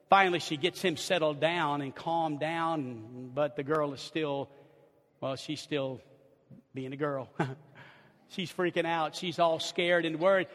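An older male pastor preaching in an old-timey style, his voice sitting high for a man. He drops to a hush for stories, then rises to ringing shouts. His words roll around a big church hall with a long echo. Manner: old-timey preaching, swinging from hushed storytelling to shouted exclamations. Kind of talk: sermon. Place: church sanctuary.

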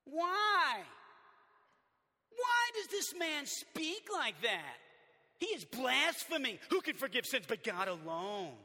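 A man's voice: very high voice, big pitch swings, slow pace, bright, forceful tone, pitched above the performer's own voice, heavily acted. A man preaching with a Southern accent, voicing self-righteous scribes who sound scandalized and accusing, in a long church reverb. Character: indignant grown male scribes, self-righteous. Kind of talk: sermon retelling.

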